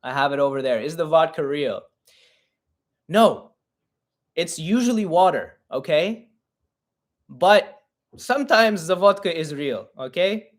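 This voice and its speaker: A man's voice: on the high side, animated, a little slow. Blunt, profane young man hosting a Q&A. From Russian-Ukrainian family. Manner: blunt, profane, mock-indignant. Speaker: podcast host and comedian. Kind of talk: live-stream Q&A.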